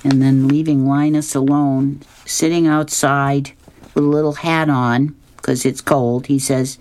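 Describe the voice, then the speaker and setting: Woman radio host, very deep voice, chatty, amused, describing comics. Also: expressive, unhurried, darkish tone. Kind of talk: reading comics on air.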